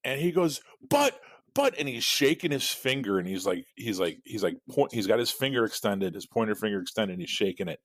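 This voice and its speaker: A man's voice: on the low side, quick pace, few pauses, fairly bright tone, no echo. A man co-hosting a podcast, telling a rambling, profane story in casual chat with frequent laughs. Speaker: podcast co-host.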